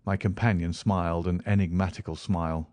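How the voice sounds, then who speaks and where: A man's voice: low-pitched, steady tone, brisk, darkish tone, dry recording. A man reading a classic story aloud as narrator. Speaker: audiobook narrator. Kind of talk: scripted narration.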